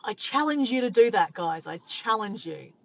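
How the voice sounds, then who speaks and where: Chatty woman live streaming, lively pitch. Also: normal speed, creaky, highs cut off. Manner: chatty, laughs often, playful teasing. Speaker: live-stream host reading viewer comments. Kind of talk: casual live-stream chat. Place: in a car parked by the beach.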